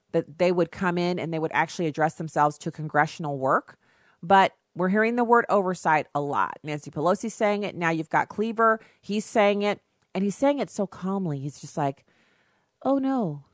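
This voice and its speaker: A woman's voice: mid-range voice, fairly bright tone, no echo, clean studio sound. A woman hosting a political talk radio show, delivering a sarcastic, opinionated monologue.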